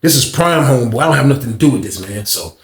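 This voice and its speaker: A man's voice: mid-range voice, lively intonation, fast, reverberant. A man telling a story in a casual, slangy way, acting out the people he quotes. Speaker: storyteller, channel host.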